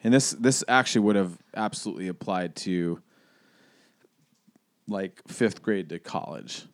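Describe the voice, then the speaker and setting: Podcast co-host, male, thirties; rambling reflective chat, slightly low voice, dry close mic. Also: animated, unhurried, no room sound. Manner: reflective, rambling with many restarts and fillers. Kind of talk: casual conversational podcast.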